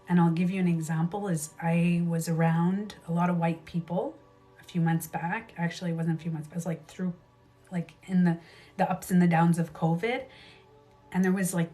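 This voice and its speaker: A livestream host and beauty coach with a lowish, mellow voice chats casually into her livestream camera mic. She speaks emphatically, repeats phrases, and swears freely.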